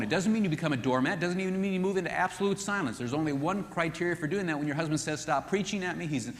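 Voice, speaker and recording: A man teaching a marriage seminar in an animated way, often acting out what spouses say. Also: fairly high pitch. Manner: animated, acts out quoted voices. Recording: echoey hall with long reverb.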